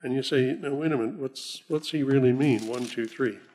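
A man's voice: mid-range voice, darkish tone, soft background music. Folksy older male pastor preaching. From Oklahoma. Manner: folksy, rambling, chuckles often, slows down to read scripture. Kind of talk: sermon.

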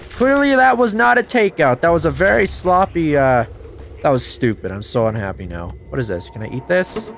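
A man giving casual let's-play commentary, excitable, talking to himself and swearing, with sudden yelps of surprise. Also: fairly high pitch, moderate pace, gravelly, slight background noise. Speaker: gameplay commentator.

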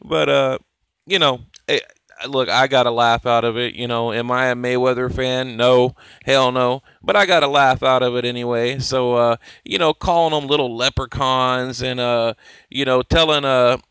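A boxing YouTube host offers casual fight commentary, rambling in a laid-back way with many fillers and occasional chuckles. His mid-range voice is clear, resonant and a bit bright, fairly even in intonation at normal speed, with no echo but poor audio.

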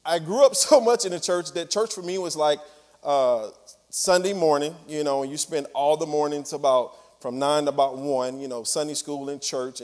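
A man from Mississippi with a Southern twang, a guest speaker giving a chatty, relaxed sermon. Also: a little high. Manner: relaxed, chatty with laughs and fillers. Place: large church hall. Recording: hall reverb from a church stage.

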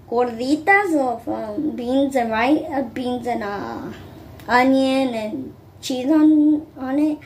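A woman's voice: high-pitched, darkish tone, a little hiss or hum. A woman vlogger chatting casually to camera, rambling with many fillers and asides about her weekend.

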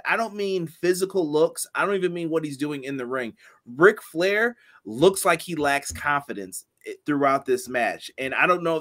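A man's voice: on the high side, fairly bright tone. A man co-hosting a casual wrestling review chat, laughing often and reading out viewer comments. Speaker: podcast co-host.

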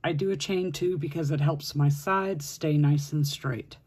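Unhurried crochet instructor with a slightly husky voice, patiently counting stitches aloud in a step-by-step tutorial. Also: mid-range voice, fairly even intonation, darkish tone.

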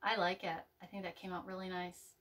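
Chatty rambling woman, bright off-mic voice. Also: on the low side, little pitch movement, fairly quick, recorded from a distance. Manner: chatty, rambling, many ums and restarts. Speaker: craft video host. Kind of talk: casual live craft chat. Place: home craft table, indoors.

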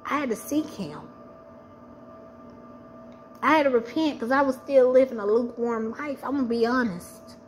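High-voiced woman giving an earnest testimony. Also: normal speed, pauses often, slight background noise. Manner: earnest and emphatic, repeating phrases for stress. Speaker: person sharing her faith testimony. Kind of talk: personal testimony.

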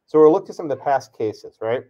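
A man's voice: medium pitch, animated, fairly quick, dark tone. A man teaching a law class, casually calling on students by name and asking them questions. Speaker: law professor. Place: lecture classroom. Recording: distant, echoey, dull classroom recording.

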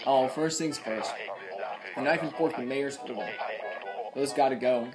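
A man reading the lines of a jittery male turkey in a video game, nervous and rambling, with loud game music behind him. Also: mid-range voice, unhurried, natural voice, low-quality recording. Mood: anxious. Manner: nervous, rambling, reads game dialogue aloud.

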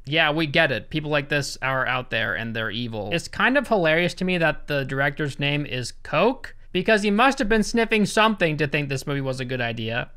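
A man's voice: on the high side, expressive, brisk, sharp tone, clean tone. A man recapping a movie for comedy, sarcastic and often laughing between lines. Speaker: YouTube movie commentator.

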